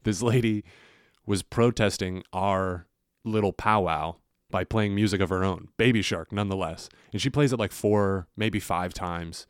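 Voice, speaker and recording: A man's voice: low voice, unhurried, clear, resonant tone, no echo, studio quality. A young man hosting a podcast, telling a casual, laughing story full of swearing. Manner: laughing, animated storytelling with profanity. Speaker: podcast host.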